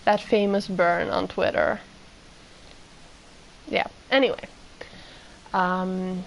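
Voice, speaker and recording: Swedish woman streamer, unhurried meandering chat, slight background hiss. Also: fairly low pitch, steady tone, gravelly, poor audio. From Sweden. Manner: rambling, meandering, with many fillers. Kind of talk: casual chat while gaming.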